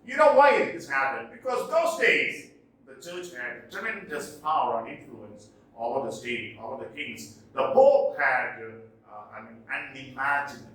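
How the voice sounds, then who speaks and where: A man lectures on English literature in a bright, sharp-toned voice, taking his time and circling back to stress exam points. He is heard from some distance in a strongly echoing room. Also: medium pitch, lively intonation, unhurried. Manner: explanatory, repeats key points for exams. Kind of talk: classroom lecture.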